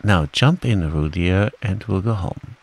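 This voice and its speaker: A man's voice: deep voice, lively intonation, measured pace, gravelly, slightly rough, exaggerated voice. A man doing a motherly kangaroo. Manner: soft-spoken and coaxing. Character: motherly female kangaroo, polite and distracted.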